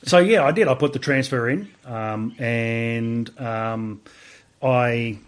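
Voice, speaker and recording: A man's voice: medium pitch, slow. An Australian man in his forties, an army veteran being interviewed, telling stories casually, swearing freely and acting out remembered dialogue.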